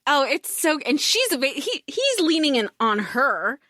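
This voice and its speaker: A woman's voice: high-pitched, a little slow, no room sound, studio quality. A woman co-hosting a podcast, laughing often as she eagerly retells scenes from a book in a casual chat. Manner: giggly, excited storytelling. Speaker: podcast co-host.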